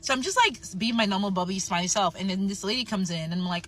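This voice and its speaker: Bright, animated young woman telling a story. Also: medium pitch, fairly quick. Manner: animated, expressive, swearing. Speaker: salesperson. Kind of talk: casual storytime to camera.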